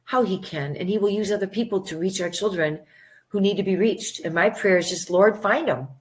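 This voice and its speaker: A woman's voice: mid-range voice, a little fast. An older woman speaking earnestly as a guest in a conversation, encouraging prayer. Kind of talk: casual conversation.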